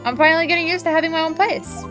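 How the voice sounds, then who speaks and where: A woman's voice: very high-pitched, very fast, music in the background, pitched above the performer's own voice. A woman voicing a playful, pouty teenage girl talking to her older sister, read aloud from a game.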